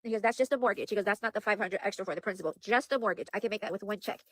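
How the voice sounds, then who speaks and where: Fast-talking upset young woman. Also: medium pitch, a bit bright. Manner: rambling, repeats herself, heavy use of "like" and "you guys". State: upset and worried. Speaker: vlogger. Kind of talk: emotional casual vlog to viewers.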